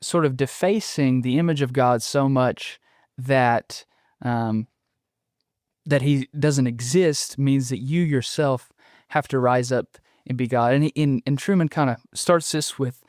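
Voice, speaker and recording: A man's voice: mid-range voice, unhurried, a little mellow, dry recording, studio quality. Thoughtful male podcast guest. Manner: thoughtful, explanatory, frequent ums and restarts. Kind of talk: casual conversational interview.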